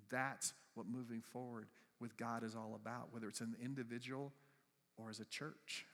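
A man's voice: medium pitch, steady tone, normal speed, pushed and bright. Preaching man in a reverberant hall. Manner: dynamic preaching, voice rising and dropping for emphasis. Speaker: pastor. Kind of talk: sermon.

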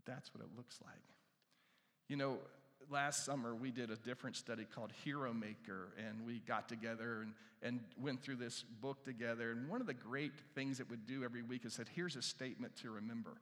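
A male pastor preaching a sermon, animated, repeating key phrases and asking the crowd questions, dropping to hushed asides. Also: medium pitch, fairly quick. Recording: long reverb from a large hall.

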